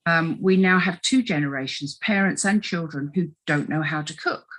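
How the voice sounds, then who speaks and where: Lower-pitched woman, animated chat. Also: moderate pace, low-quality recording. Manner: animated, acts out inner voices in quotes. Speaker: health coach guest. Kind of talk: casual conversational interview.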